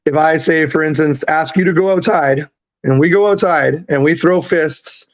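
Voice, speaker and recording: A man's voice: on the high side, moderate pace, dull audio. A man in his fifties from Canada, a podcast guest telling stories in a candid, profane, laid-back way with lots of fillers. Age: 50s. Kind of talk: casual storytelling.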